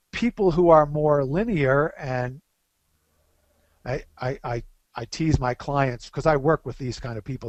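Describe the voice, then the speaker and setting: A middle-aged man speaking as the guest expert on a webcast interview, an animated storyteller who slows down to stress key phrases. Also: mid-range voice, dry recording.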